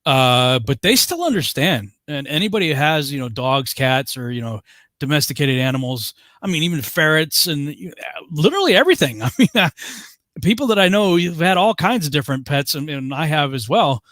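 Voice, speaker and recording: A man's voice: a little high, a little fast, dry recording. Laughing storyteller man, dry close sound. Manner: animated storytelling, laughs often. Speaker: host. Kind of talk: casual discussion in an online Bible study. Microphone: video call.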